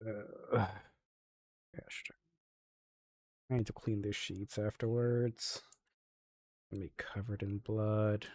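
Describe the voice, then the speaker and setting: Mellow-voiced man role-playing a game character. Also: lowish voice, level tone. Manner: halting, apologetic, many restarts. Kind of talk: in-character role-play chat.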